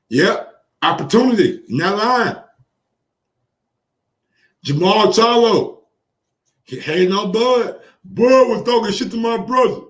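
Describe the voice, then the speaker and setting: Excitable high-voiced man in an echoey room. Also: a little slow, distant mic. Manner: excitable, profane, repeats phrases for emphasis. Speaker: boxing commentary channel host. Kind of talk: casual reaction commentary.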